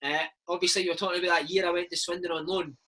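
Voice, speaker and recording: A Scottish man in his thirties telling stories in a casual, animated chat, saying "mate" a lot. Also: high-pitched, very fast, slight background noise. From Scotland. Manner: chatty, animated storytelling with frequent "mate" and "man". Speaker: interview guest, former footballer and podcast host.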